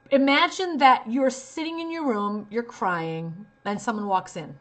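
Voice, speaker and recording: A woman talent manager gives actors direct, emphatic advice, talking straight to the viewer and acting out short examples as she goes. Her voice is a little high with a fairly bright tone.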